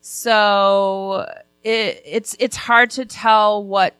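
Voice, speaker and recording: A woman's voice: medium pitch, flat delivery, extremely slow, a bit bright, clean tone, no echo. A woman in a casual book discussion, talking hesitantly with many fillers and restarts. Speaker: book club member.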